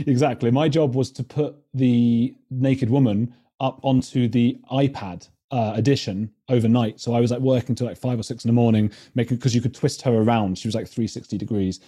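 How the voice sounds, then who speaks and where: A man in his thirties from England with an English accent, a journalist guest chatting casually, laughing and self-deprecating in a halting way. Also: medium pitch, steady tone, warm tone, slightly rough. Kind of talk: casual interview chat.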